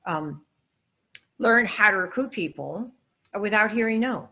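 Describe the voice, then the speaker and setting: Lively woman coaching a live class. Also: mid-range voice, unhurried. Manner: energetic, calls on listeners by name; lively, quizzing the audience. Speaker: sales trainer. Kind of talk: live online coaching session.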